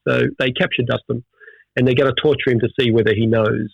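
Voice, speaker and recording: A middle-aged Australian man, a veteran firefighter, talking in an animated storytelling way with many restarts in a casual interview. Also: medium pitch, fast, vocal fry, no echo. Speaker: firefighter guest. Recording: dull dry audio.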